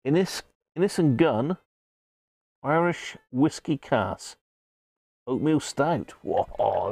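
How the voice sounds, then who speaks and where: A man's voice: medium pitch, creaky, breathy edge, no echo. A man hosting a casual livestream, chatting with viewers and greeting them by name, laughing often. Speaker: livestream host. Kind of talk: casual live chat with viewers.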